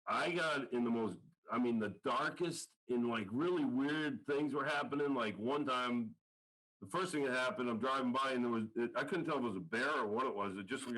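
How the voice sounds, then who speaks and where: In poor audio, a middle-aged man with a mid-range, slightly bright voice tells a story on a casual podcast interview. He's a college football line coach appearing as a guest, acting out the lines he quotes.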